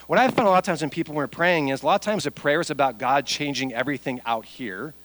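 A man's voice: on the high side, fairly bright tone, no room sound, rough recording. A man, a pastor, preaching an emphatic sermon that builds through long repeated lists.

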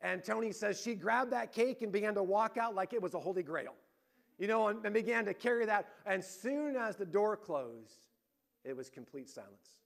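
Male pastor with a high voice, relaxed sermon storytelling, lively quoted dialogue. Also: normal speed, creaky. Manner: conversational, animated retelling with quoted voices.

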